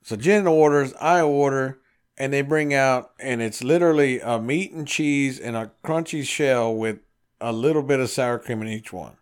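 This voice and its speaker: A man's voice: mid-range voice, moderate pace, smooth. A man telling a rambling road-trip story in casual podcast chat, swearing freely and acting out the voices of everyone involved. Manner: profane, animated storyteller acting out dialogue.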